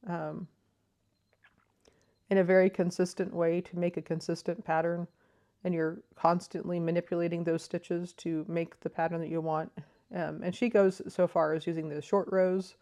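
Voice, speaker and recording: A woman hosting a crochet vlog, explaining things in a thoughtful, enthusiastic way, with frequent ums. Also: on the low side. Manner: thoughtful, enthusiastic, soft-spoken with frequent fillers. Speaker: crochet vlogger. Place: living room.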